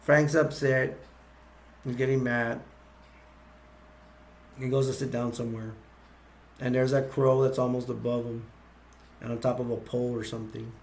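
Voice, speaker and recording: A man casually retelling a movie plot, rambling and halting with many fillers. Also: mid-range voice, level tone. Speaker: movie recap youtuber.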